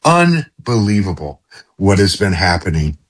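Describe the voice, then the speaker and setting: A man's voice: deep voice, big pitch swings, a little slow, breathy edge. A middle-aged man guesting on a talk radio show, effusive and rambling, often restarting his sentences. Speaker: radio guest, former radio host.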